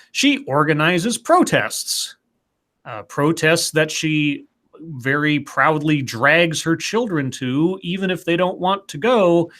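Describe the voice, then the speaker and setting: A man's voice: a little high, a bit bright. Guy rambling on a stream chat, wry and sarcastic. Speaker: co-host. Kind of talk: casual commentary chat.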